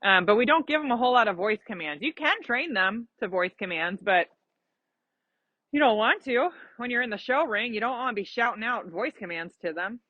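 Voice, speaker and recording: During a live riding lesson, a woman patiently guides her rider, using examples and encouraging words. Her voice is on the high side, brisk and lively in intonation, captured in a dry recording with the highs cut off.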